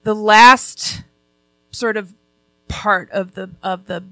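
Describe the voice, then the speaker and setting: A woman's voice: medium pitch, fairly even intonation, slow, fairly bright tone, dry recording. A woman in a casual book discussion, talking hesitantly with many fillers and restarts. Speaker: book club member.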